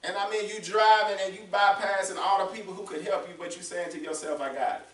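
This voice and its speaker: A man's voice: sits high, flat delivery, quick pace, a bit bright, a little hiss or hum. A man preaching a sermon as pastor, asking the congregation questions and building his points up. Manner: preaching with call-and-response questions. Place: church sanctuary. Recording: roomy echo, mic at a distance.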